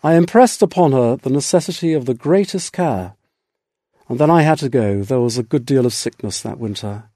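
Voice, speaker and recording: A man reading a literary story aloud as narrator, in a measured, deliberate way. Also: mid-range voice, expressive, mellow, no echo, studio quality. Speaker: audiobook narrator. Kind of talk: scripted narration.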